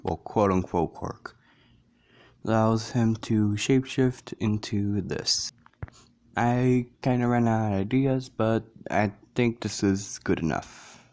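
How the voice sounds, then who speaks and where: Slow, rambling male storyteller. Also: fairly low pitch, a little mellow. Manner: rambling, corrects himself mid-story. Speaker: fan fiction storyteller. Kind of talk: casual fan-story narration.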